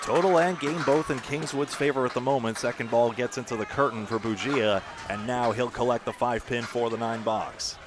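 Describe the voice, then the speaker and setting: A man calling bowling play-by-play, animated on each shot with chatty asides. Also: mid-range voice, moderate pace, few pauses. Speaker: play-by-play commentator. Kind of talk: live sports commentary. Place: bowling alley. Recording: noisy bowling alley broadcast.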